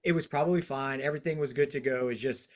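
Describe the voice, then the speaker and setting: A man hosting a podcast, reflecting out loud in a casual, thinking-it-through way. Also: medium pitch, fast talker. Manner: reflective, talks things through with casual fillers. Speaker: podcast host.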